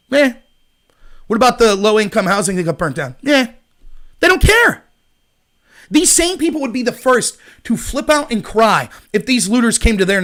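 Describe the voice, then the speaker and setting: A man with a strikingly high voice hosts his own live-streamed political commentary. He talks in an animated, indignant rant, pressing his points hard. His tone stays heated without tipping into yelling.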